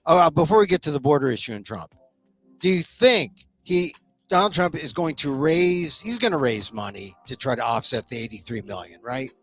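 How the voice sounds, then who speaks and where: A man's voice: on the high side, expressive, a bit bright, soft background music. A man hosting a talk show, chatting casually and agreeably with a guest. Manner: conversational, agreeable, frequent quick affirmations. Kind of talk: casual chat.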